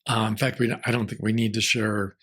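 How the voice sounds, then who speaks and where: A man speaking as a marriage and family therapist in an interview, measured and reflective, sometimes restarting his sentences. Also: on the low side, level tone, fairly bright tone. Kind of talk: conversational interview answers.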